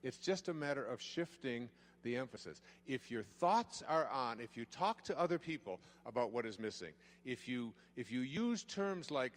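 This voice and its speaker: A middle-aged man tells a story on stage as a motivational speaker. His delivery is emphatic and animated, swinging widely in pitch. The sound rings out with the long echo of a large hall. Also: moderate pace. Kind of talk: lecture to a live audience.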